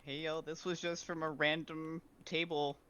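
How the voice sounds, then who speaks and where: A man player in casual tabletop talk, soft-spoken and measured. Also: fairly high pitch, level tone, slight background noise.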